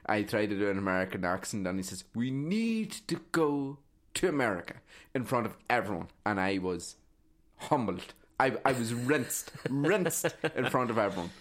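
A young man, a podcast co-host, chatting casually, animated, swearing and laughing often. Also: lowish voice, normal speed. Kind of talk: casual chat.

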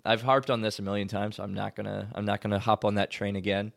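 Young dude rambling a story on a podcast, lots of laughing, super casual slang. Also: male voice, fairly low pitch, little pitch movement, fast talker, creaky. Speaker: podcast co-host. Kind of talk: casual chat.

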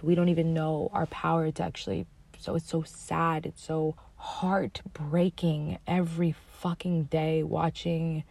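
Low gravelly woman, rambling spiritual talk. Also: a little slow, a little mellow, dry recording. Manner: rambling and emphatic, swears often, drops to whispers at times. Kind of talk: casual spiritual monologue.

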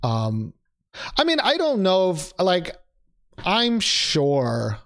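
A young man co-hosting a casual chat, animated and rambling, laughing often and restarting his sentences. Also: sits high, drawn-out words. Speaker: podcast co-host.

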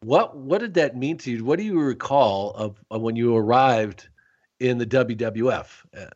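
A man hosting a casual interview, prompting his guest with questions and steady "yeah" responses. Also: medium pitch, moderate pace. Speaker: podcast host. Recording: dull lo-fi sound.

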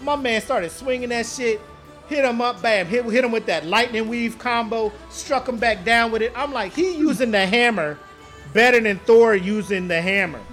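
Brief: man, 30s, podcast co-host, very high voice, bright and excitable, swears a lot. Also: normal speed, soft background music. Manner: animated, excitable storytelling with loud outbursts and profanity. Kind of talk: casual podcast chat.

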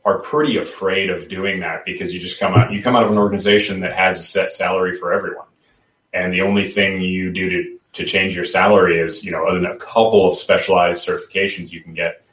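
A man's voice: deep voice, fairly bright tone. A man talking casually as a podcast guest, rambling with lots of restarts and fillers. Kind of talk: casual chat. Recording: roomy, distant from the mic.

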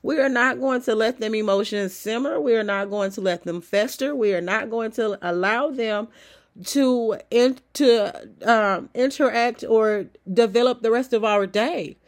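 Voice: mid-range voice, measured pace. A host with a cold, sniffling a little, giving a conversational, encouraging motivational talk full of rhetorical questions. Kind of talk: motivational self-help talk.

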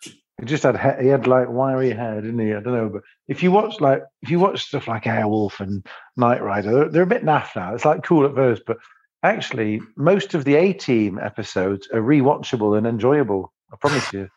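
A man co-hosting a podcast who rambles and hesitates, trailing off mid-thought, with a lively, wandering pitch. His voice comes through a dull, muffled lo-fi mic. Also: moderate pace. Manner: hesitant, rambling, stops to think. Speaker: podcast co-host. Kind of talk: casual chat reviewing songs.

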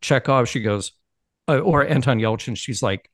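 A man joining a podcast chat who tells thoughtful anecdotes, often pausing and restarting his sentences. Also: medium pitch, no echo, studio quality. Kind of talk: casual chat.

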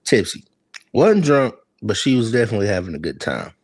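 A man's voice: on the low side, brisk, slightly rough, no room sound. A man co-hosting a podcast, casually telling a story, laughing often and acting out what people said. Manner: laughing, animated, acts out quotes. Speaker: podcast co-host.

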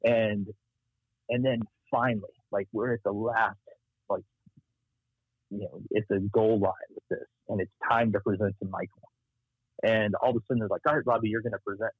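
Man, Texas accent, husky, low-pitched, storytelling, dry phone-quality sound. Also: moderate pace, long pauses, dry recording. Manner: animated storyteller, acts out quoted voices. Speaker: marketing strategist guest. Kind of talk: casual interview storytelling. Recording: tinny phone-like line.

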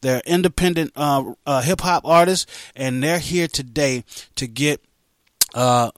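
A man's voice: medium pitch, unhurried, dry recording, clean studio sound. A man hosting a casual talk radio show, playful and loose, often repeating himself as he talks.

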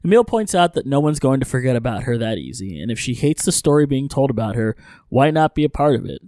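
A man co-hosting a podcast, recapping an episode in casual chat with lively narration and joking asides. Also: mid-range voice, fast talker, no room sound, studio quality. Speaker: podcast co-host.

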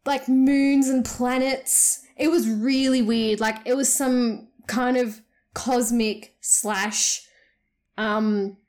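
A woman's voice: on the high side, slow. Giggly woman telling a story. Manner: giggly, animated storyteller who acts out quotes. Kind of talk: casual chat, telling a dream.

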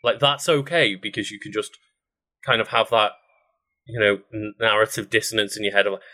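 A man co-hosting a casual podcast chat, reading out film facts with frequent ums and pauses. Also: on the low side, fairly even intonation, bright, forceful tone. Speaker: podcast co-host.

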